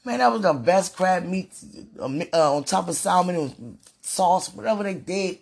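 A woman's voice: fairly low pitch, expressive, moderate pace, creaky, darkish tone, breathy edge. A woman vlogging in a casual, rambling monologue, sighing and repeating herself as she pleads aloud to God.

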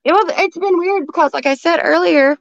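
A woman's voice: extremely high pitch, a little fast, creaky, no echo. A woman, a psychic medium, chatting casually in a rambling, laughing way. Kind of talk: casual chat. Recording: dull lo-fi dry sound.

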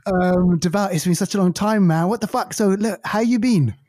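A man's voice: high-pitched, moderate pace, darkish tone. A man co-hosting a casual film podcast, upbeat and teasing. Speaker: podcast co-host.

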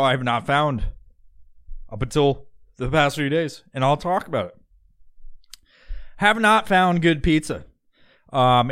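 A podcast host from Long Island with a slight New York accent, ranting and swearing constantly as he mocks people in loud put-on voices. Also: medium pitch, smooth. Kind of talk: profane comedic rant.

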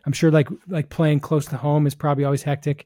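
A man's voice: fairly high pitch, little pitch movement, fast talker, mellow, dry recording, clean studio sound. A man hosting a baseball podcast, talking through ideas in a thoughtful, rambling casual chat. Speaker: host, hitting coach.

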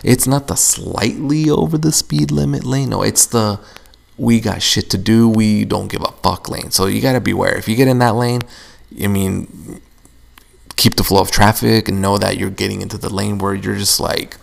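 Young man, podcast host, heavy vocal fry, low voice, rambling and profane, casual solo chat. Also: steady tone, moderate pace.

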